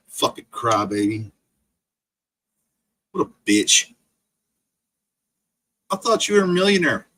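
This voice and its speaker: A man's voice: mid-range voice, very animated, slow pace, long pauses, a bit bright. A man streaming an angry, profane rant full of insults. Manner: profane, insult-laden ranting.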